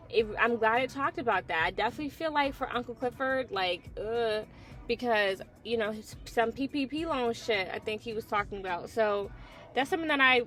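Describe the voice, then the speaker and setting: A woman's voice: fairly high pitch, fairly bright tone. A woman hosting a casual TV episode review, blunt and opinionated, swearing freely. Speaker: TV review host.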